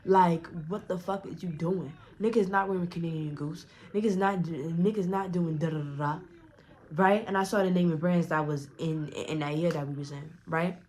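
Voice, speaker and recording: A woman's voice: fairly low pitch, moderate pace, darkish tone. A young woman telling a story to her vlog audience in a casual, profane, rambling way, restarting her sentences often. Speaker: storytime vlogger.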